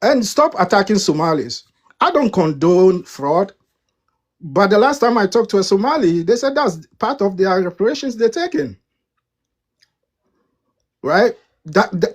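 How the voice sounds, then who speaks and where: A woman's voice: mid-range voice, a little mellow. A woman from Africa with an African accent, arguing defiantly in a live debate and often restarting her words. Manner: defiant, stammering restarts, repeats "listen" and "right". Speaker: debate panelist.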